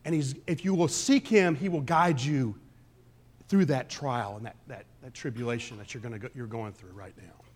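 A pastor preaching a conversational sermon, swinging between loud emphasis and quiet asides. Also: male voice, medium pitch, moderate pace. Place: church sanctuary.

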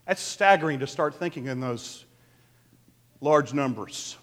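A man pastor delivering an animated sermon, asking the congregation questions. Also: mid-range voice, measured pace. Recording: long reverb of a large hall.

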